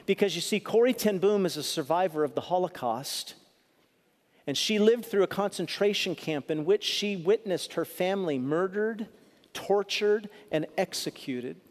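A male pastor preaching a sermon in a church, moving between loud punchy lines and soft, earnest asides as he tells a story. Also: sits high, expressive, normal speed, long reverb tail.

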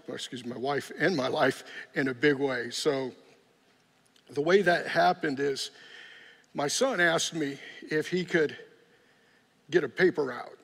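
A man's voice: on the high side, vocal fry, fairly bright tone. A middle-aged man from San Jose giving an earnest, plainspoken personal testimony, often restarting his sentences. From San Jose, California. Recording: long echoey hall reverb.

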